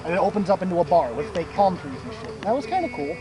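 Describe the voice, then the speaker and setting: A young man with a high voice tells a crude, meandering story to his friends. He curses freely and laughs at his own jokes as loud music plays behind him. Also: very animated, fast, poor audio. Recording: music playing loudly behind.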